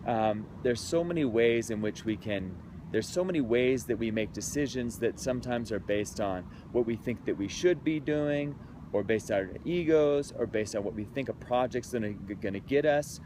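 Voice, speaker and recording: A man's voice: mid-range voice, moderate pace, noisy background. A man in his thirties, a creativity speaker, telling a personal story in an earnest, heartfelt, conversational way outdoors in a city.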